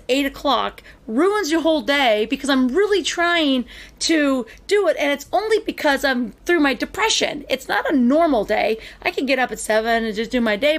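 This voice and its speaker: High-voiced woman telling stories emphatically. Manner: animated, emphatic storytelling. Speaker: podcast host. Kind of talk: casual chat.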